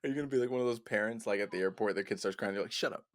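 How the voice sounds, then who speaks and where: A young man co-hosting a casual podcast chat, loud and animated, swearing and laughing often. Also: lowish voice, racing, no echo, clean studio sound. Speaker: podcast co-host.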